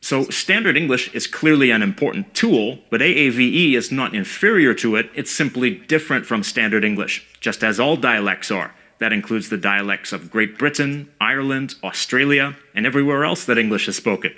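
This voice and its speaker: Bright-voiced man narrating a linguistics lesson. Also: mid-range voice, animated. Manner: measured, precise, explanatory. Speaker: language educator. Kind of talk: scripted educational narration.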